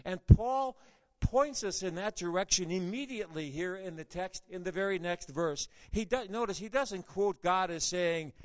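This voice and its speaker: A man preaching a sermon, deliberate and measured, building to fervent rhetorical questions. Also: sits high, lo-fi sound. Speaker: pastor.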